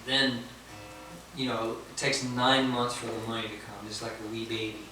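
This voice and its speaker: A male singer-songwriter at a house concert tells a self-deprecating story between songs, chuckling at his own jokes. His voice is medium in pitch with little melodic movement, and he talks at a normal speed. The audio is distant and echoey, with acoustic guitar in the background.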